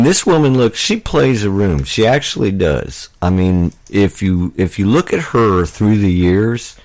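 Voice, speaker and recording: A man's voice: on the low side, big pitch swings, measured pace, few pauses, a little mellow. An American man hosting a political talk radio show, speaking in a rambling, indignant way with many fillers and restarts.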